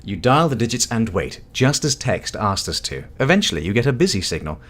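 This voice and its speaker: Animated man hosting a game stream. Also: mid-range voice, fairly quick. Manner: animated, swearing, laughs often. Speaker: streamer host. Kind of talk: live game-play commentary.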